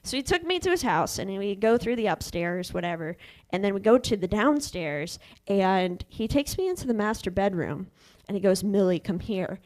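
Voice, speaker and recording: A young woman performing a stand-up comedy set, telling stories haltingly with many fillers and deadpan punchlines. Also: mid-range voice.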